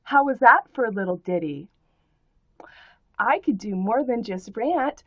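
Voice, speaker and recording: A woman's voice: a little high, expressive, unhurried, long pauses, dry recording, dull audio. A woman in a ranting monologue aimed at a commenter, spelling out words letter by letter, rhyming in playful wordplay and swearing freely. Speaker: vlogger answering a commenter.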